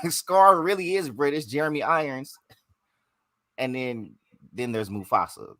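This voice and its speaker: A man's voice: medium pitch, expressive, a little slow, a bit bright. A man co-hosting a live podcast in loose, profane banter, laughing often. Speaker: podcast co-host. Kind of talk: casual live podcast chat.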